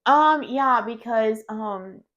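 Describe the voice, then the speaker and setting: A woman's voice: a little high, slow, fairly bright tone, muffled recording. A woman co-hosting a podcast, telling a story in casual chat, blunt and profane, and laughing often. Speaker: podcast co-host.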